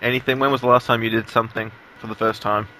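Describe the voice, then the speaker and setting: Bright, laid-back Australian man, casual podcast chat. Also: mid-range voice, level tone, fast talker, slight background noise, low-quality recording. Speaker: podcast co-host.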